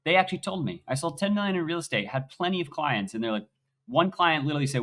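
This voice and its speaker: A young man, a podcast guest, telling his story in an animated, swinging voice that rises loud and high as he gets excited. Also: quick pace. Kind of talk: conversational interview.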